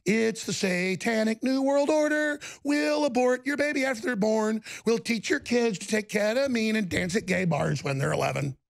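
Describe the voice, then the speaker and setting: A man's voice: high voice, normal speed, vocal fry, few pauses. A man hosting heated political commentary, ranting sarcastically. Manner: ranting, sarcastic, jumps between mock voices.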